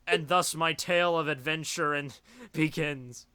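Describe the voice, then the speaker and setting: A man's voice: on the high side, fairly even intonation, unhurried, sharp tone, smooth, dry recording. A man voicing a boastful adult male clown pirate, telling his tale with swagger.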